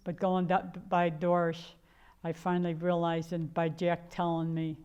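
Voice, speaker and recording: A woman's voice: lowish voice, monotone, unhurried, a little mellow, clean tone, lo-fi sound. Candid older woman telling her story. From Chicago area, USA. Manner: candid and rambling, with frequent fillers and restarts. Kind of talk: personal storytelling.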